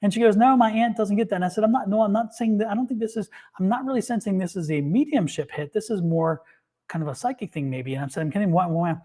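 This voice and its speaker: A man in casual chat, telling an animated story and acting out what people said. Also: sits high, fast. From United States. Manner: animated storyteller, acts out quotes. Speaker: psychic reader and co-host.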